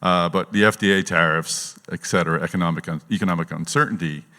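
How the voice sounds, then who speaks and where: Deep, fast-talking male interviewer in a hall. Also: fairly even intonation, sharp tone. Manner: rambling, self-correcting questions. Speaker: conference interviewer. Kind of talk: live on-stage interview questions. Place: large conference hall. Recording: long hall reverb.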